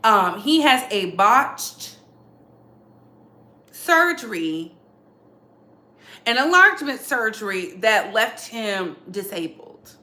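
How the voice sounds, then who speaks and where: A woman's voice: mid-range voice, very animated, slow, long pauses, bright, forceful tone, roomy sound. A woman hosting casual celebrity gossip commentary, sassy and emphatic, repeating lines for effect. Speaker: commentary channel host.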